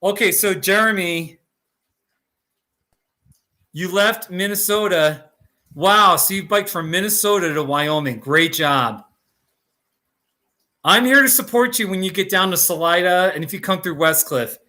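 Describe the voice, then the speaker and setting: Guy hosting a live stream, kinda high bright voice, jokey and rambly, laughs a lot. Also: unhurried, pauses often. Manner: rambling and jokey, laughs often, restarts sentences. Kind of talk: casual live stream chat.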